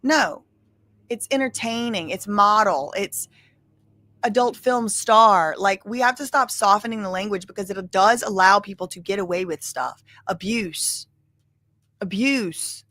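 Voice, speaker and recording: A woman's voice: mid-range voice, moderate pace, bright, forceful tone. Chatty woman giving her opinions. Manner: chatty, opinionated, says "like" and "y'all" often. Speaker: live-stream commentator. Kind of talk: casual commentary on trial testimony.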